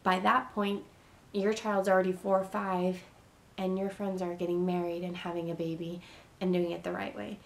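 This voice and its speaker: A woman's voice: fairly low pitch, flat delivery, normal speed, gravelly. A young woman vlogging earnest, repetitive, reassuring advice to teen parents in a casual way. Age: young adult.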